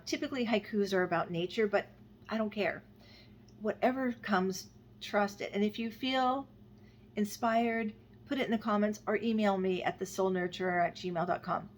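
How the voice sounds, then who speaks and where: A woman giving gentle, heartfelt spiritual advice to camera, talking freely from the heart and trailing off softly at the ends of phrases. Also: mid-range voice, moderate pace, slight background noise. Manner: gentle, heartfelt, meandering with fillers and soft trailing endings. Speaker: astrologer and spiritual guide. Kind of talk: unscripted spiritual talk to camera.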